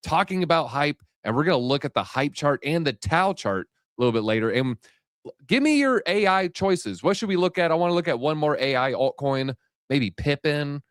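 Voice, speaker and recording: Hosting a live crypto market stream, this man has a slightly high voice with lively intonation. Hyped and a bit breathless, he fires off energetic commentary directly at viewers, in studio-quality audio with no room sound.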